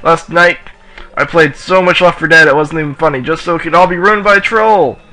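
A man giving casual let's play commentary while racing, excitable and yelling at the racers in the game, with a sore throat. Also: on the high side, fairly quick, low-quality recording. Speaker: gamer playing on his channel.

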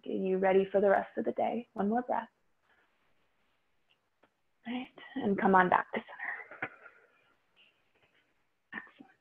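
A woman teaching a guided yoga class, calmly cueing breaths and poses. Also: medium pitch, unhurried, gravelly, long pauses. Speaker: yoga instructor. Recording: tinny phone-like audio.

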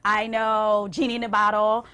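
A young adult woman singer telling stories as a TV interview guest, acting out quotes with big swings and going hushed when moved. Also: normal speed, smooth. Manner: expressive, acts out quotes with big pitch swings. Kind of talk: animated storytelling in a TV interview. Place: TV station interview.

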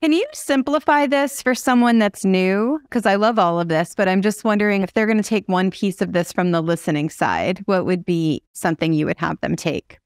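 A woman's voice: medium pitch, normal speed, hardly any pauses, no room sound, clean studio sound. A woman hosting a podcast, enthusiastic and affirming toward her guest. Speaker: podcast host. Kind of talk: casual podcast interview.

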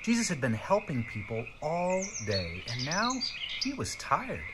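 Guy reading a kids storybook, slow and super lively, noisy with a vehicle hum behind. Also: fairly high pitch. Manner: expressive, dramatic. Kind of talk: storybook narration.

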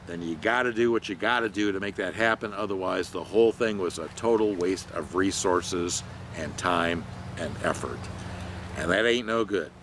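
Older man, lowish voice, conversational, meandering, faint traffic noise behind. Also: moderate pace, a bit bright. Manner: rambling, conversational storytelling with many fillers. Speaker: training consultant. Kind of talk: reflective talk to camera.

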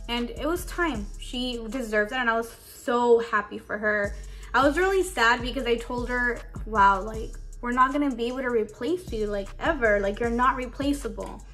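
A woman's voice: fairly high pitch, fairly bright tone. Tearful young woman venting casually. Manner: emotional, holding back tears; casual, says "like" a lot. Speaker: beauty vlogger. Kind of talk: get-ready-with-me storytime.

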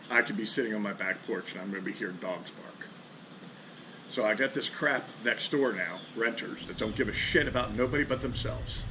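A man, a fishing charter captain, ranting bluntly and profanely in a casual vlog, sitting outdoors under a carport. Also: on the low side. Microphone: camera mounted on the back of a boat. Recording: outdoor camera audio with clear ambient noise.

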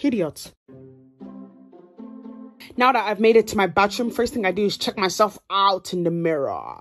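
A young woman narrating her own comedy skit with dramatic, exaggerated delivery and deadpan asides. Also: medium pitch, fairly quick. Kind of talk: comic narration. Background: background music.

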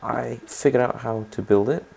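A man's voice: mid-range voice, fairly even intonation, moderate pace, creaky, darkish tone, breathy edge. A man narrating his own game playthrough in a rambling, chatty manner, often asking viewers for their thoughts. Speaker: gaming channel host. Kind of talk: let's play commentary.

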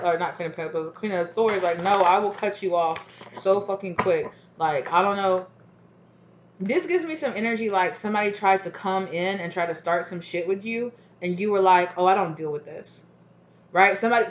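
A woman doing a casual tarot reading, animated and profane, with frequent laughter and quoted asides. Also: medium pitch, noisy background. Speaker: tarot reader.

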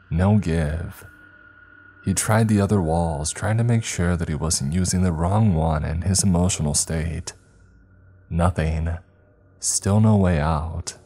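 A man reading the first-person account of a grieving older woman, a former space communications chief, in slow, somber scripted horror narration. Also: sits low, darkish tone. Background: faint music.

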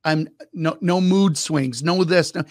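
A man co-hosting a casual business talk, telling lively stories and acting out his own quoted thoughts. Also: fairly high pitch, measured pace, dry recording, clean studio sound. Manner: animated storyteller, acts out quoted thoughts. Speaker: podcast co-host.

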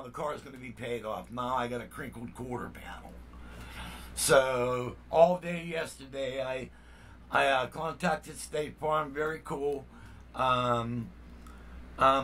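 A man's voice: medium pitch, a bit bright, recorded from a distance, slight background noise. An older man, a musician hosting his own channel, talking to viewers in a blunt, rambling way, full of "you know what I mean.". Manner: heated and indignant. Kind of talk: casual vlog talk to viewers.

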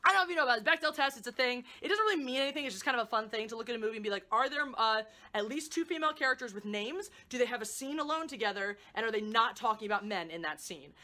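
A woman's voice: a little high, very fast, few pauses, bright, forceful tone. A woman reviewing a movie in a profane, sarcastic, exasperated rant. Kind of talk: ranting film review.

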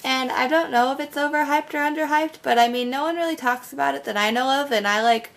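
A woman's voice: high voice, quick pace, vocal fry, fairly bright tone. A young woman chatting casually in a bookshelf tag vlog, bubbly and full of fillers. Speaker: book vlogger.

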